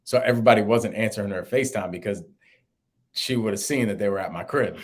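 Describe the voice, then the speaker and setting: A young man, co-host of a podcast, telling a story in casual chat and acting out quotes in a higher voice. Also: fast. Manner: animated, acts out quotes in a higher voice.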